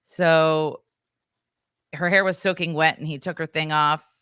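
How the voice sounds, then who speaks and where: Thirties woman rambling through a story on a podcast, low voice, dry close sound, acts out what ppl said. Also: steady tone, a little slow, fairly bright tone, smooth, no room sound. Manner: chatty, filler-heavy, acts out quoted voices. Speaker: podcast co-host. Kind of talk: casual storytelling chat.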